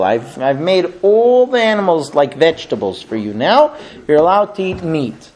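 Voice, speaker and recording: A man teaching a religious class, telling stories in an animated way and often laughing. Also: a little high, unhurried. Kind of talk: storytelling religious lesson.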